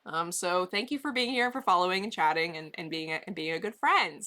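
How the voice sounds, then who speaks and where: Brief: chatty woman streamer with a bright, sharp voice, casual and rambling, talking to viewers from her basement. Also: on the low side, lively intonation, fast. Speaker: livestreamer. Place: basement bedroom.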